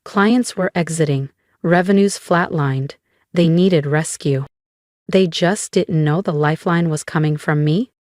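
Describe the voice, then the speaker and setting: A woman reads a first-person story aloud in a calm, measured voice. Her voice sits on the low side for a woman. The recording is dry and close, with no room sound. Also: dry recording. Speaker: narrator.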